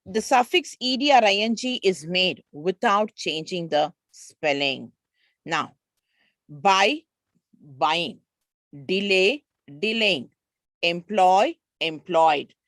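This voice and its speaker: A woman's voice: on the low side, expressive, slow pace, a bit bright, no echo. A woman with an Indian English accent teaching an online grammar lesson, patiently explaining spelling rules and reading out word lists.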